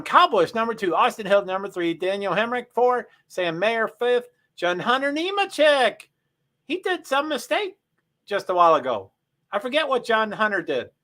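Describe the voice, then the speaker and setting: A man hosting a casual livestream, rambling through race positions with frequent throat clearing and self-interruptions. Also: high-pitched, a bit bright. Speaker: livestream host. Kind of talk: casual live race commentary.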